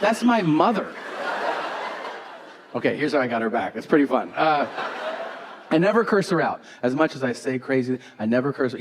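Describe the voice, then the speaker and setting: A man's voice: medium pitch, background noise. Sarcastic male stand-up comedian. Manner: sarcastic, profane, conversational. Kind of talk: stand-up storytelling. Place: comedy stage before a live audience.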